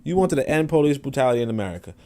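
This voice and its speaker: Animated, profane male podcast host. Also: medium pitch, racing, a little hiss or hum. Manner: animated, profane, repeats himself. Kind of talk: casual livestream commentary.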